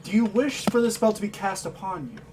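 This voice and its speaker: A man's voice: high voice, fairly quick. A man narrating a tabletop role-playing game as game master, in a casual way that often repeats words. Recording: faint background noise.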